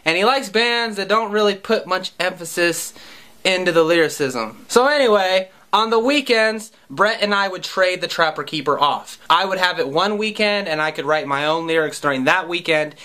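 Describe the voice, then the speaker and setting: A man's voice: high-pitched, lively intonation, normal speed, pushed and bright. A man around thirty, a musician, telling a comic personal story in a wry, profane, self-mocking way. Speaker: musician and vlogger.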